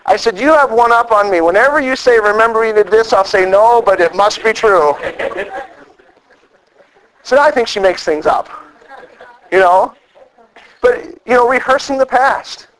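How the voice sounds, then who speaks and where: Male pastor, middle-aged, high-pitched, animated sermon delivery with acted-out quotes. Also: moderate pace, pauses often, poor audio. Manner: animated storytelling, acts out quoted lines.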